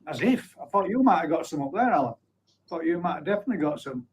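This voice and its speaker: A man's voice: fairly high pitch, sing-song, quick pace, breathy edge, rough recording. A man in his forties hosting a live stream, chatting casually and reading out viewer comments, blunt, with offhand swearing and frequent laughs. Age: 40s.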